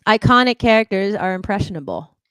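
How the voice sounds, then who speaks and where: A woman chatting casually as co-host in a middle-pitched voice, thinking out loud with giggles and self-deprecating remarks. The sound is close and dry, with no room echo. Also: expressive, a little fast, clean tone. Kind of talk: casual chat with comic impressions.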